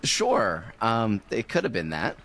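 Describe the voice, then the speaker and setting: A podcast co-host with a lively, bouncing voice that rises and falls a lot. He rambles through his points in casual chat and keeps breaking into laughs. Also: on the low side, measured pace, soft background music. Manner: animated, laughing often, rambling.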